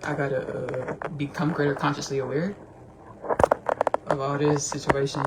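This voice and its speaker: A woman hosting a casual livestream, talking in an animated, rambling, slangy way and repeating herself often. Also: low voice, moderate pace, heavy background noise. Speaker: podcast host.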